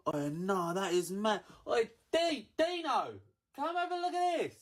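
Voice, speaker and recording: A man's voice: high-pitched, a little slow, a little hiss or hum, exaggerated voice. A man playing a rowdy London bloke. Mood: astonished. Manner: shouty, excitable, slangy. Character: rowdy young London bloke, swearing, amazed. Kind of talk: comedy sketch clip.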